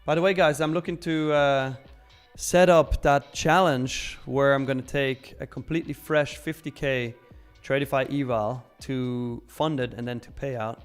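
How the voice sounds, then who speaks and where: A man's voice: medium pitch, steady tone, unhurried, few pauses, clean tone, faint music behind. A young man hosting a live trading stream, chatting casually and upbeat as he reads viewer comments, laughing often and using slang.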